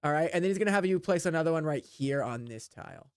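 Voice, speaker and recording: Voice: mid-range voice, animated, quick pace, clear, resonant tone, no echo, clean studio sound. A game master narrating a tabletop game in a casual, rambling way full of fillers.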